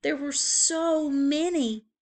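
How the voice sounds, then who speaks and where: A woman librarian reading a picture book aloud to young children, expressive, with playful asides to the kids. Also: sits high, takes it slowly. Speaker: school librarian.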